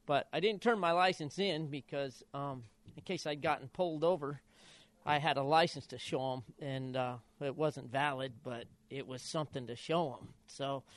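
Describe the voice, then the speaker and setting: A man in his sixties from Idaho, a retired jockey telling stories in an interview and acting out the quotes. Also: mid-range voice. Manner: lively anecdotal, acts out quotes. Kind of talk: storytelling in an interview.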